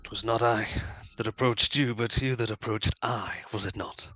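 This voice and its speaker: A man's voice: fairly low pitch, steady tone, bright, forceful tone, no echo. A man playing a courtly, menacing predator. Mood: smooth, courtly. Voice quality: slow, formal, silky menace. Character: menacing, smiling male predator stranger with a great sword. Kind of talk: tabletop role-play in character. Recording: dull, muffled recording with faint music.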